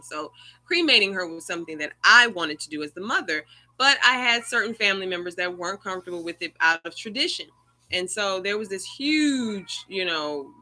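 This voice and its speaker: A woman's voice: fairly low pitch, pushed and bright. A woman hosting an online circle, telling a personal story in an earnest, conversational way over a video call. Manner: earnest, conversational, rising emotion. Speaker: circle host.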